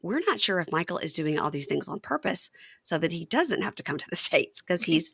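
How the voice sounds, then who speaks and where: A woman's voice: on the low side, fairly quick, gravelly, slightly rough, no room sound, studio quality. A woman hosting a podcast, recapping a show in casual chat and acting out the quotes. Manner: animated retelling, acts out the quotes. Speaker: podcast host.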